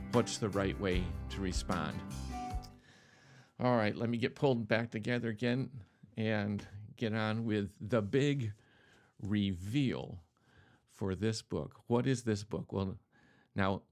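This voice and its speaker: An older man, a pastor hosting a talk show, speaking straight to the viewer and repeating key words for emphasis in a storytelling way. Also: fairly low pitch. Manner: storytelling, addresses the viewer directly. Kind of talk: video talk show monologue.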